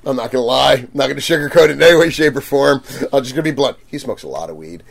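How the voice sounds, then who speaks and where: A man telling stories in a casual chat, animated, laughing and acting out quotes loudly. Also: mid-range voice, racing, gravelly. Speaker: guest vendor.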